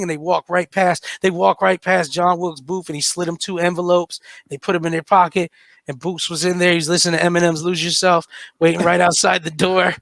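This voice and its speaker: High, bright-voiced man riffing comic bits. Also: fairly quick, creaky, dry recording. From New York. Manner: animated, acts out characters in bits. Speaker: radio comedy show host. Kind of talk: comedic banter and storytelling.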